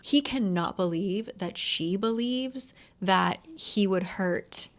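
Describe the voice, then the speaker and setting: A woman's voice: mid-range voice, slow. A young woman recapping a thriller in a casual vlog, chatty and swearing lightly as she goes. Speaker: book vlogger. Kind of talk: casual reading vlog with read-aloud passages.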